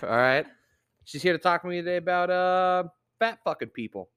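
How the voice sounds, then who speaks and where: A young man hosting a casual podcast, swearing constantly and ranting with loud outbursts. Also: high-pitched, normal speed, smooth. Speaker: podcast host.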